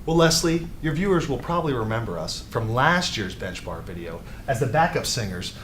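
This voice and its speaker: A man playing a lawyer in a comedy sketch, explaining things in a deadpan way. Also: medium pitch, a little fast, roomy sound, a little hiss or hum.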